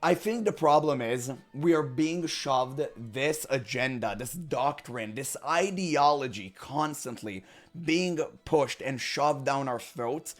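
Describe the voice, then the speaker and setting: A man hosting gaming commentary, hoarse from illness with frequent voice cracks, ranting in an emphatic, exasperated way. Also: mid-range voice, expressive, takes it slowly.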